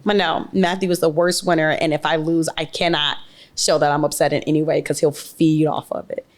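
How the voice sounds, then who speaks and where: Podcast co-host lady in her 30s, chatty, does big high voices when she quotes people. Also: a little fast. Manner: animated storyteller, mimics voices with big pitch jumps. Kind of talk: casual chat.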